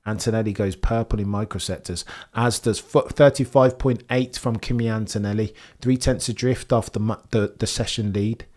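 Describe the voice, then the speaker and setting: A man casually commentating a race live, chatting to viewers and getting excited over lap times. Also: on the low side, moderate pace, hardly any pauses. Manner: chatty, excitable, talks to chat by name.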